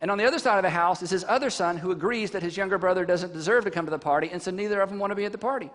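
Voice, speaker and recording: Male pastor, high voice, lively storytelling sermon, quizzing the crowd; echo in a big hall. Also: racing. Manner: animated storytelling with rhetorical questions to the congregation. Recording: long reverb from a large hall.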